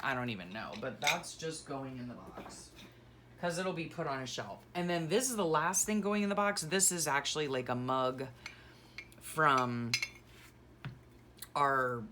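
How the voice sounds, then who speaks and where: Middle-aged woman vlogger, low-pitched, sentimental and chatty, faint hiss behind her. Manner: sentimental, gushing exclamations; rambling, self-correcting asides. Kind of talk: casual chat while packing.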